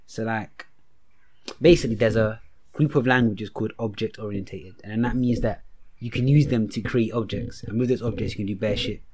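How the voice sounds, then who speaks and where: A young man rambles through a story on a podcast, mocking himself and dropping slang. His voice sits on the low side. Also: fairly quick, darkish tone, low-quality recording. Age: young adult. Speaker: podcast co-host. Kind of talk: casual podcast chat.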